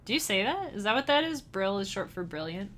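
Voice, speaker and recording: A woman's voice: medium pitch, very animated, fairly quick, fairly bright tone, slight background noise. A woman chatting casually with her live-stream chat as a musician, bubbly and giggly, speaking straight to her viewers. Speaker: livestreamer and chiptune musician.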